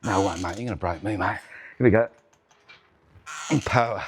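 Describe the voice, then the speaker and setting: A man's voice: fairly low pitch, moderate pace, a little hiss or hum. A middle-aged man hosting a workout demonstration vlog in a gym, counting reps aloud and swearing and groaning as he strains through sets. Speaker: gym owner and host. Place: indoor gym.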